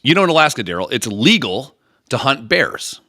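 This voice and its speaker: A man with a bright, lively voice trades profane jokes and quizzes his co-host. The sound is close and dry, with no room around it. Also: mid-range voice, moderate pace, no echo. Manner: profane, joking, reads out trivia questions. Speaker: podcast co-host. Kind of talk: crude comedic banter.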